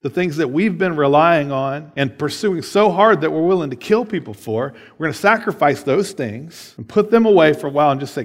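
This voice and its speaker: A man's voice: a little high, expressive, fairly quick, few pauses, long reverb tail. A man preaching a sermon, reading scripture aloud and explaining it in a casual way, often checking in with "right?". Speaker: pastor.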